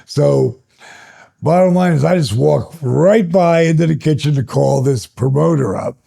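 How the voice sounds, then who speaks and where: A man in his sixties, a retired wrestler, telling stories as a guest in an interview in an animated, excitable way. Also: fairly high pitch, measured pace, vocal fry. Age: 60s. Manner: animated, builds stories up excitedly, laughs between phrases. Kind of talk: storytelling in an interview.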